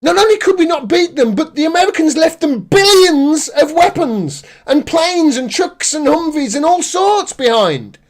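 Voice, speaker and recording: A man's voice: very high voice, big pitch swings, normal speed, hardly any pauses. Sarcastic man ranting. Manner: sarcastic, indignant, reads news aloud. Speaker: political commentary host. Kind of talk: live-stream ranting commentary.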